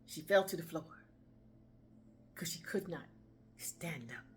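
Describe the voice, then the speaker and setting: A woman tells a dramatic story in an expressive, unhurried way. Her pitch rises and falls widely as she acts out the dialogue, and she often drops to a whisper. A faint hiss sits under her voice.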